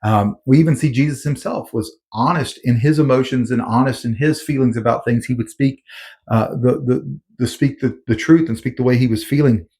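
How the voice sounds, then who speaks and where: A man's voice: medium pitch, moderate pace, darkish tone. Earnest man explaining scripture casually. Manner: informal, earnest, many fillers and restarts. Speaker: Bible commentator. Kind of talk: conversational Bible commentary.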